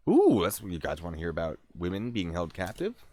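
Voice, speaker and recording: A man's voice: sits low, a little mellow. A man hosting a casual livestream, reading out true-crime trivia and adding joking, sarcastic asides. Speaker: streamer reading stories.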